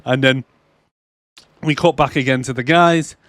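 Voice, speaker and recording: A man chats casually on a podcast, retelling scenes and dropping into quick quoted voices. His voice sits at a middle pitch. The sound is dry and close. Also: fairly even intonation, fairly bright tone, no echo. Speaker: podcast co-host. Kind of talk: casual chat.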